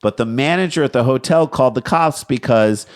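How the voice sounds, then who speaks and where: A man's voice: medium pitch, brisk. A middle-aged man co-hosting a comedy podcast, telling anecdotes and acting out the people in them. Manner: animated, acts out voices in anecdotes. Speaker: podcast co-host. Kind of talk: comedic storytelling chat.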